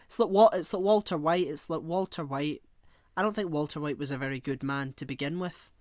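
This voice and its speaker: A man co-hosting a podcast, chatting casually and rambling, often pausing to hunt for the right word. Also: on the high side, no echo. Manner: rambling, searches for words with many fillers. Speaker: podcast co-host. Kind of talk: casual chat.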